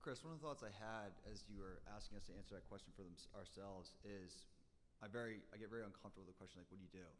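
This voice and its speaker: A man from the audience sharing a reflective thought, his voice very deep and his words coming fast. The sound has a long hall reverb with a faint low rumble underneath. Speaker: audience member.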